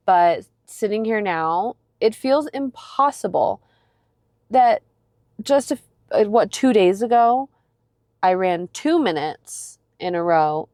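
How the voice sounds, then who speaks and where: A woman's voice: mid-range voice, a little mellow, dry recording. A woman in her thirties chatting casually to a phone camera from her parked car, rambling and self-deprecating with lots of fillers. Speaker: vlogger. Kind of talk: casual vlog chat. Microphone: phone held close.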